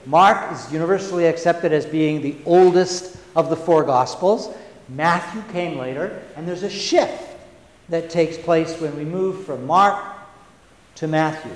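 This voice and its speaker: A man preaching a sermon at an unhurried pace, with emphatic repetitions and casual asides to the listeners. His voice sits a little high for a man. The recording carries the long, roomy reverb of a church sanctuary. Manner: slow and deliberate, with emphatic repetitions; conversational asides to the congregation.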